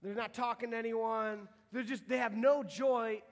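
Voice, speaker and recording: Young male youth pastor, very high voice, earnest casual sermon, long hall reverb. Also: steady tone, normal speed. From United States. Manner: casual, earnest, frequent restarts. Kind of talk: sermon to teenagers.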